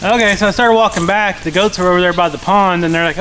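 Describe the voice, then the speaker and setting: A man's voice: sits high, fairly even intonation, fast talker, hardly any pauses, noisy background. A man chatting casually to the camera as he feeds his farm animals outdoors, often talking to the animals themselves. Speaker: farm vlogger.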